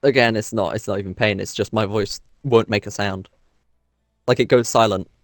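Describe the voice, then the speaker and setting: Man, lowish voice, halting and self-deprecating, casual gaming chat, dry close sound. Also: fairly even intonation, no echo. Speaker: co-player on stream.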